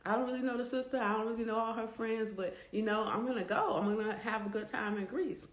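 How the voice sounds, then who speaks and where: A woman's voice: fairly high pitch, quick pace, reverberant, close to an everyday voice. A woman voicing a kind, people-pleasing young wife who turns blunt and incredulous. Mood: hopeful.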